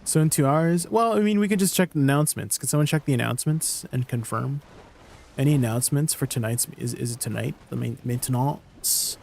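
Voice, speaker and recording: A man's voice: medium pitch, brisk, gravelly, darkish tone, slight background noise. A man streaming a game, chatting casually and rambling, often asking his chat questions and laughing easily.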